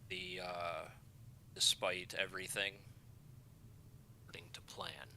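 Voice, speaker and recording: A man voicing a scheming male elf servant in whispered role-play, hushed and deferential toward his lord. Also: low-pitched, flat delivery, slow pace, slight background noise, full character voice.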